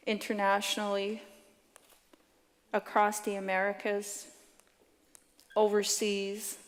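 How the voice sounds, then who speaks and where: A middle-aged woman activist giving a brisk, earnest conference talk, now and then stumbling over her words. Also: medium pitch. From Canada. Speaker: activist speaker. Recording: long hall reverb.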